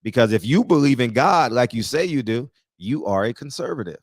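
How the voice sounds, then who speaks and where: Man, profane, mocking, laughs at own jokes, mid pitch, dry close recording. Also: animated, brisk, no room sound. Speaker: podcast host. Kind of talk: casual opinion talk.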